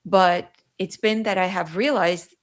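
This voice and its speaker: A woman's voice: on the low side, steady tone, unhurried. Chatty woman with a Yiddish accent. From New York, USA. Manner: chatty, interrupts herself mid-sentence. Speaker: guest. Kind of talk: podcast conversation.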